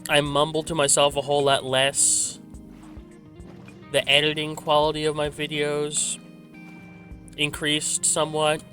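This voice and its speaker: Male gaming vlogger, fairly high bright voice, loose rambling talk with a slight stutter, faint music underneath. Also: completely flat delivery, measured pace, pauses often. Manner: rambling, self-correcting, frequent restarts. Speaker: gaming channel host. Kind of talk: laid-back rambling commentary while playing. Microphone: desk microphone with a simple filter.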